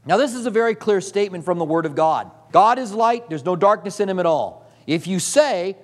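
A man's voice: high-pitched, expressive, brisk. A middle-aged male pastor preaching a sermon, telling stories and acting out voices of the people in them. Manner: storytelling, acts out voices, laughs often. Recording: long reverb of a large hall.

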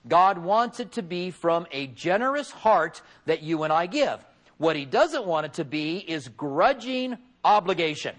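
Man, pastor, high voice, casual sermon, folksy, jokes with the congregation. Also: fairly bright tone. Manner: folksy, joking asides to the congregation. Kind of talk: conversational sermon.

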